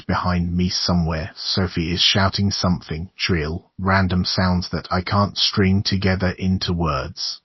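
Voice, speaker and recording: Deep, husky male horror narrator. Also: steady tone, unhurried, few pauses, no room sound, lo-fi sound. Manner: intense, dramatic first-person reading. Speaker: audiobook narrator.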